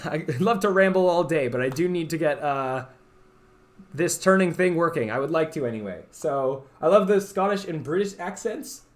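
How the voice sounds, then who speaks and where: A man's voice: on the high side, fairly bright tone. A young man from Canada chatting casually with stream viewers, rambling and stuttering with lots of fillers. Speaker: livestreamer. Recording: roomy echo.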